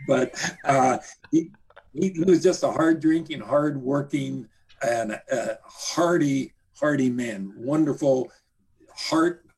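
A man being interviewed, reminiscing in a halting way with repeated words and many fillers. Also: medium pitch, darkish tone, breathy edge. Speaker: interview guest, trade journalist.

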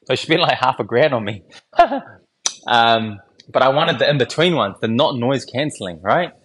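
A man's voice: mid-range voice, expressive, moderate pace, fairly bright tone. A young man telling a story on his solo podcast, loose and candid, swearing often and laughing between thoughts. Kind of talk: casual rambling storytelling. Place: small home podcast studio.

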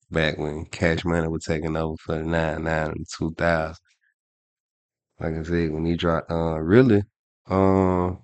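A man's voice: sits low, a little mellow, no room sound. A man co-hosting a podcast, telling a rambling, profane story in casual chat with lots of restarts. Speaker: podcast co-host.

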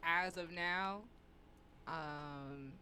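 A woman's voice: low-pitched, drawn-out words, sharp tone, slight background noise. A woman hosting a podcast, chatting casually and telling candid, profane stories. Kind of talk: casual chat.

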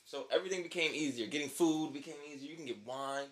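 A man, co-hosting a casual podcast chat in excitable, profane slang. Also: fairly high pitch, fast talker, a crowd in the background.

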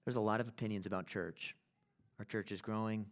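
A man's voice: fairly low pitch, fairly even intonation, fairly quick. A male pastor preaching a sermon in an emphatic way, building to impassioned peaks.

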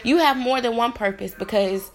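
A woman's voice: fairly high pitch, normal speed, faint music behind. A woman in her thirties hosting her own podcast, talking earnestly and from the heart to encourage her listeners. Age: 30s. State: tearful at times. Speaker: podcast host. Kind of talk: motivational solo podcast talk.

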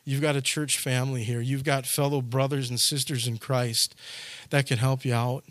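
A man preaching a sermon to his congregation, telling stories and acting out the scenes with sudden loud shouts. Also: mid-range voice, level tone, moderate pace, no echo. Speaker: pastor.

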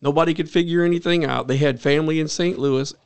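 A man's voice: fairly high pitch, fairly even intonation, fast, smooth. A man co-hosting a casual podcast, plainly retelling a story and swearing now and then. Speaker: podcast co-host. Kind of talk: casual chat.

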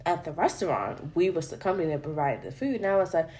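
A woman's voice: fairly low pitch, lively intonation, fast, a little mellow. A woman co-hosting a podcast, telling a story in blunt, profane, casual chat. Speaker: podcast co-host.

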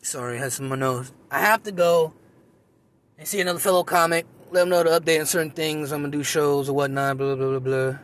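Male comedian, casual phone monologue outdoors, high-pitched, rambling and profane. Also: fast, a bit bright. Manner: rambling, profane, self-mocking. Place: outdoors in a park.

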